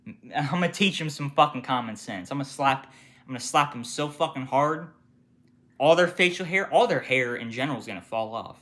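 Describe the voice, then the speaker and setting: Young man, casual storytime rant, lively swooping pitch, bright tone, profane. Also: fairly quick. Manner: profane, animated, mimics customers with sudden shouts. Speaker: retail worker telling customer stories.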